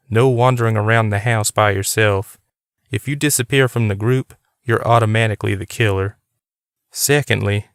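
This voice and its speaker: A man's voice: fairly low pitch, smooth, no echo, studio quality, natural voice. A man doing a bossy, nervous young guy. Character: fidgety young man laying down horror-movie rules.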